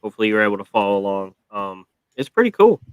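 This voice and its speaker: A man's voice: on the low side, big pitch swings, racing, clean tone, no room sound, phone-quality sound. A man hosting a casual pop-culture react chat, joking and teasing his co-host.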